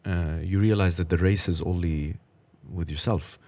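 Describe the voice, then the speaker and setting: A podcast host in his thirties talks in a reflective, halting way, working through his thoughts aloud. He is a man with a very low, deep voice. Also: steady tone, darkish tone. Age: 30s. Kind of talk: casual conversation.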